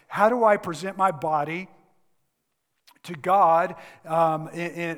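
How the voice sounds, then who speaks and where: A man preaching a sermon as pastor, earnest and repeating phrases for emphasis, sometimes dropping to a soft, intimate tone. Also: high-pitched. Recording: long reverb of a large hall.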